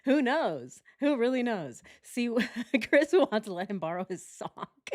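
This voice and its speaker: A woman's voice: on the high side, sing-song, takes it slowly, darkish tone. A woman hosting a true-crime commentary channel who talks in a chatty, sarcastic way and often laughs. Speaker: channel host.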